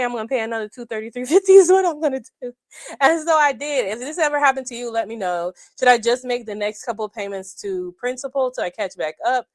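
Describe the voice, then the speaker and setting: A woman chatting casually through her budget, animated and addressing viewers as y'all, on a clip-on mic. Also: a little high, no room sound. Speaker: budgeting vlogger.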